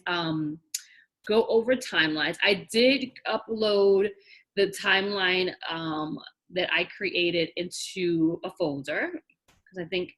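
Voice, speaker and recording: A woman's voice: on the low side, a bit bright, husky. A woman from New York leading an online wedding planning class over a video call, chatty and direct, laughing often. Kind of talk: online class, casual teaching.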